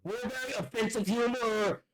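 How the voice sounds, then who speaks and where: A young man co-hosting a casual podcast, excitable and profane, repeating words when he gets worked up. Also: very high voice, moderate pace, a crowd in the background. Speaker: podcast co-host.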